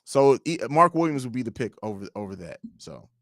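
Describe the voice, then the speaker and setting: A young man hosting a casual livestream, reading viewer comments aloud and answering them in a blunt, profane, animated way. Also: mid-range voice, brisk, no echo, clean studio sound. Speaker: livestream host.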